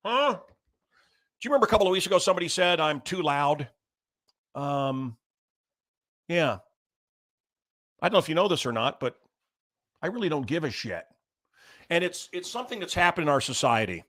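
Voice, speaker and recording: A man's voice: a little high, lively intonation, moderate pace, pauses often, sharp tone. Blunt, ranting middle-aged male host. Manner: blunt, combative, crude ranting. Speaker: show host. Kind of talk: political commentary monologue.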